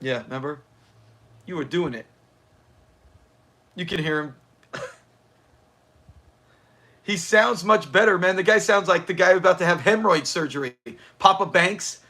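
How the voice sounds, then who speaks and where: A man's voice: high-pitched, a little slow, long pauses, sharp tone. A man hosting a livestream watch party, chatting casually, answering viewers and laughing often. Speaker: livestream host.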